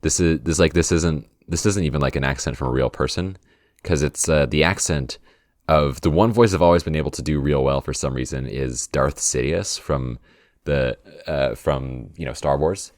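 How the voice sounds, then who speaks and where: A man's voice: rumbling low, normal speed, dry recording, clean studio sound. A man co-hosting a podcast in laid-back casual chat, laughing and rambling. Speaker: podcast co-host.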